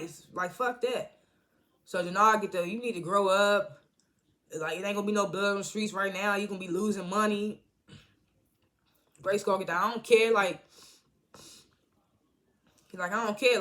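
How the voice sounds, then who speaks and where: A TV reviewer talks through an episode in loose, slangy street talk, with a bright, sharp edge to the voice. The reviewer jumps into each character's lines while retelling the scenes and laughs often along the way. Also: medium pitch. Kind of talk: casual episode recap.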